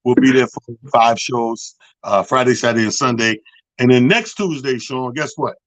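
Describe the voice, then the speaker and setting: A man, a comedian hosting a casual comedic radio chat, loud, profane and animated. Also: mid-range voice, normal speed, no echo. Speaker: comedian and show host.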